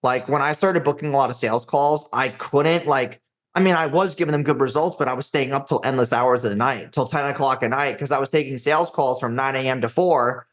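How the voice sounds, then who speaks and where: A man's voice: medium pitch, brisk. Casting: man in his twenties, podcast guest, cocky and profane storyteller, mid-range voice. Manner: brash, profane, says "dude" and "like" often. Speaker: podcast guest, agency founder. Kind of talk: casual storytelling interview.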